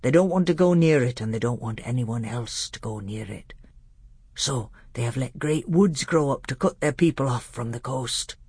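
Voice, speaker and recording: A man voicing a wise, gentle old male tutor in a measured, earnest audiobook reading. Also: medium pitch, expressive, no room sound, clean studio sound. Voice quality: gravelly, husky. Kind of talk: audiobook character voice.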